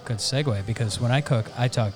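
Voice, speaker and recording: Relaxed man telling wry stories. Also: mid-range voice, fairly quick, faint music behind. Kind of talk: casual chat.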